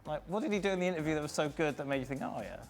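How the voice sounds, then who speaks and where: A man's voice: a little high, very fast. A man hosting a studio football panel, teasing his guests and laughing often. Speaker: show host.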